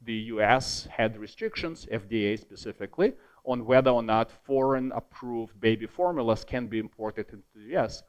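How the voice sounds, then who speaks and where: Animated man giving an academic keynote. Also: medium pitch, moderate pace, muffled recording. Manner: lively, self-deprecating asides, emphatic repetition. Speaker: keynote speaker.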